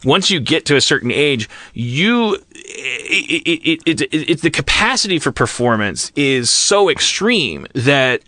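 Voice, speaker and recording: Bright-voiced rambling man hosting a podcast. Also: a little high, very animated, unhurried, few pauses, no room sound, clean studio sound. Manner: rambling, musing, thinks aloud in long digressions. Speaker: podcast host. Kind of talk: casual comedy podcast chat.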